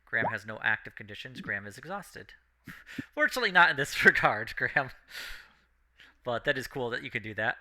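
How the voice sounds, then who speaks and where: Game master, male, bright voice with a lively swing, talks through rulings. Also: mid-range voice, a little fast, long pauses. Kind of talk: narrating a tabletop game.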